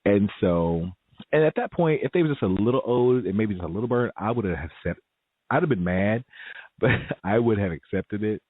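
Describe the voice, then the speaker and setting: Animated man telling a story over a phone-like line. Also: moderate pace, dry recording. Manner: animated, laughs often, acts out quoted voices in a high pitch. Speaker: vlogger. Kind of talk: casual storytelling. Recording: dry, phone-like audio.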